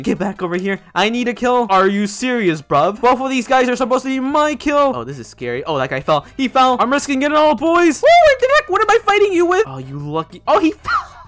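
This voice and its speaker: A young man giving excited gameplay commentary as a gaming YouTuber, hyped and calling out to his viewers. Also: high-pitched. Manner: hyped, keeps calling out to "boys", yelps and laughs at plays.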